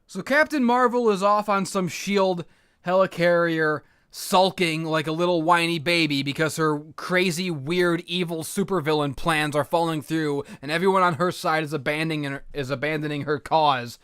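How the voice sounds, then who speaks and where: A young man recapping comic books in a profane, sarcastic rant that erupts into shouting. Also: fairly high pitch, normal speed, clean tone, no echo, clean studio sound. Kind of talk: ranting comic book recap.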